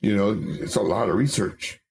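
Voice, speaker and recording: The voice is a man's, on the low side and darkish, at a moderate pace. He hosts an informal livestream, chatting with viewers, voicing their comments aloud, and going through charts, with lots of repetition.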